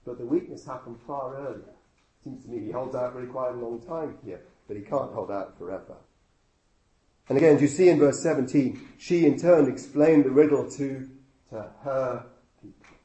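Mellow-voiced preacher, roomy echo. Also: male voice, medium pitch. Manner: conversational with rhetorical questions and dry humor. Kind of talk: sermon. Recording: echoey room with faint noise.

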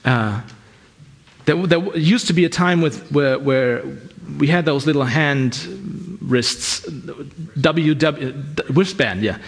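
A man with a fairly high, husky voice delivers a sermon. He talks earnestly and conversationally, often backing up to restart a phrase as he goes. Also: takes it slowly. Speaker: preacher.

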